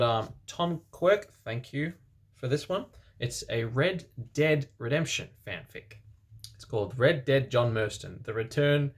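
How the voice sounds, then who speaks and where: Male reader of fan fiction for laughs: deadpan delivery, dry sarcastic asides, middle pitch. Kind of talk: comedic dramatic reading.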